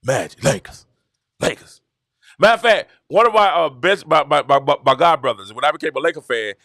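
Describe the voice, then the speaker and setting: A man from Georgia, hosting a casual sports talk stream and telling stories in an animated, repetitive way. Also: fairly high pitch, no room sound, clean studio sound. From Georgia, USA. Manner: animated, repetitive storytelling with laughs. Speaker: show host. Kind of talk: casual commentary livestream.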